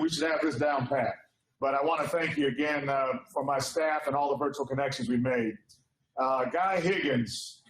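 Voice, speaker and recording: A man's voice: fairly high pitch, echoey room, a little hiss or hum, low-quality recording. A man in his sixties, president of an alumni association, giving a casual, upbeat welcome address with frequent fillers. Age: 60s. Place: indoor hall.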